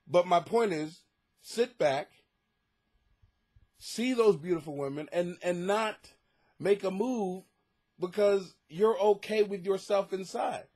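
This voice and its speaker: Speaking slowly with long pauses, this man has a high-sitting but darkish voice. He hosts a comedy podcast from his home basement, reading listener letters and delivering crude advice with profane, sarcastic mock outrage.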